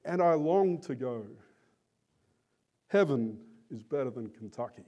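A man voicing a dying old man who speaks solemnly and slowly of his faith and of going home to heaven. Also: mid-range voice, animated, mellow, dull audio, lightly acted. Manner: solemn, slow and exalted.

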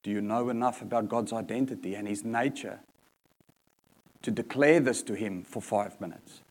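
A man's voice: fairly low pitch, moderate pace. A man preaching a sermon in an earnest manner, repeating key points for emphasis.

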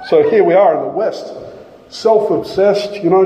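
A middle-aged man preaching a sermon, emphatic, slowing down and repeating his key phrases. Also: high-pitched, warm tone, highs cut off, a little hiss or hum. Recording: echoey hall from a distance.

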